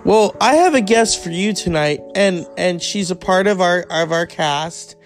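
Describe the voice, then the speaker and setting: A man hosting a crude comedy podcast, teasing his guest with faint music behind. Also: sits high. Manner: crude, teasing, fast-cutting. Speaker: podcast host.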